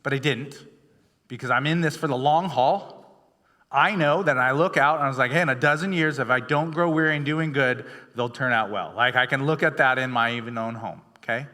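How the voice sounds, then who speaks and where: A man's voice: mid-range voice, fairly quick, sharp tone. A male pastor preaching a sermon in a chatty storytelling way, full of fillers and restarts, in a church. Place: church sanctuary. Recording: long hall reverb.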